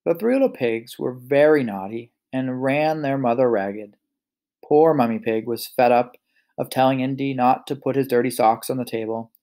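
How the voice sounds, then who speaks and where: Male storyteller, mid-pitch, gravelly, relaxed read-aloud with casual asides. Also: moderate pace. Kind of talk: reading a picture book aloud.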